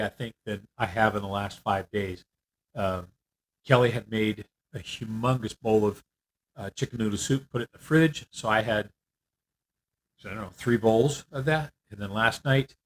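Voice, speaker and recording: An older man giving a casual, candid video update on his treatment. He rambles a little, fills pauses often, and sounds worn out. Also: mid-range voice. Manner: candid, rambling, with frequent fillers. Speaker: vlogger. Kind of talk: casual personal health update.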